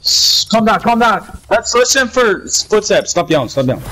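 A man's voice: sits high, sing-song, normal speed, sharp tone, a little hiss or hum. A young man playing a shooter game, giving urgent, bossy callouts and shushing his teammates. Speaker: gamer. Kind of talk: live gameplay callouts.

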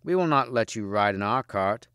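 A man voicing a rough woodman in a storybook reading, talking in a raised, higher voice. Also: animated, normal speed, a bit bright, no room sound, clean studio sound. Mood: gruff. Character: rough male woodman, servant of a villain.

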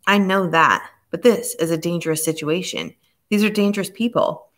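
A woman reading an audiobook, voicing a worried middle-aged mother who speaks quietly and earnestly. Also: on the low side, normal speed, lightly acted. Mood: grave.

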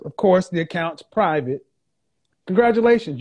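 A high-pitched man hosts a casual livestream, reading viewer comments aloud and answering them with mocking sarcasm, repeating jokes to drive them home. He is expressive and a little mellow, speaking at a moderate pace with long pauses.

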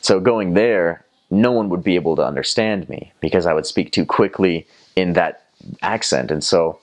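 A young man from North Carolina with a Southern American accent. His voice sits very low, and he tells his story loosely, with plenty of fillers and false starts. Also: normal speed. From North Carolina, USA. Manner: rambling, many fillers and restarts. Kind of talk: casual storytelling.

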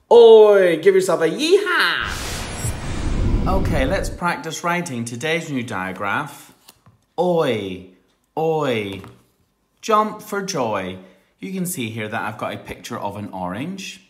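A man teaching a phonics lesson to young children, slowly sounding out words and breaking into excited shouts on the answers. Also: medium pitch, roomy sound.

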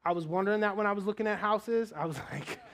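Animated man preaching his testimony. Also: fast. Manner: animated storytelling, drops low and quiet in prayer. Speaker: guest preacher. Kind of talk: sermon testimony. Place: church sanctuary.

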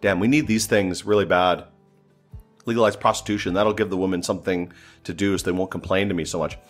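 Guy muttering through his game, gets fed up and swears, soft music in the background. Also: deep voice, fairly even intonation, brisk. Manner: exasperated, thinking aloud, swearing. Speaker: gameplay commentator. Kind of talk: casual gameplay commentary.

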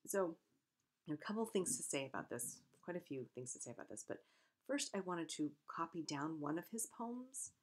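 A woman giving a conversational literature lecture, often correcting herself and pausing with fillers. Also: deep voice, expressive. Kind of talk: recorded lecture.

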